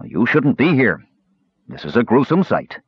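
Man doing a grim accusing lord, husky, dry muffled audio. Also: medium pitch, sing-song, unhurried, no room sound, voice pushed up, full character voice. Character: suspicious, accusing middle-aged male lord. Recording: slightly muffled dry recording.

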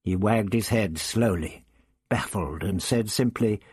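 A man's voice: lowish voice, unhurried, darkish tone, slightly rough, no echo. A man reading a science fiction novel aloud with vivid, dramatic storytelling. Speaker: audiobook reader.

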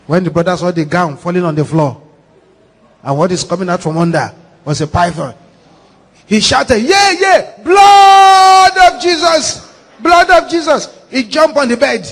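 A Nigerian man, a pastor, preaching a sermon with animated, repetitive, dramatic storytelling. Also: on the high side, slightly rough. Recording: echoey hall reverb.

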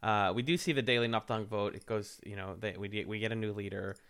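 A man co-hosting a podcast, recapping a reality show in casual chat, animated and laughing often as he acts out quotes. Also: lowish voice, fast talker, smooth.

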